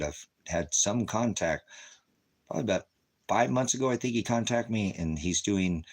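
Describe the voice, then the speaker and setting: Man, middle-aged, very deep voice, ministry livestream host, profane, combative, taunting. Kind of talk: livestream talk to chat.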